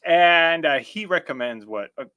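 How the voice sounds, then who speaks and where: A man's voice: on the high side, lively intonation, measured pace, no echo, muffled recording. A man co-hosting a casual chat show about magic, who rambles, restarts his sentences and laughs easily. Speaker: podcast co-host.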